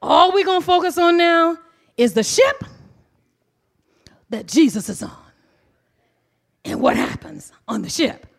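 A woman preaching a sermon emphatically, swinging from soft, low asides to shouting. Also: big pitch swings, measured pace, creaky, long pauses.

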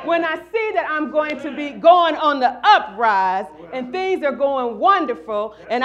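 A middle-aged woman preaching a sermon in a high voice, taking her time with each phrase. She calls to the congregation and climbs into shouted refrains. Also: expressive, measured pace, hardly any pauses. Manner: call-and-response, rising to shouts.

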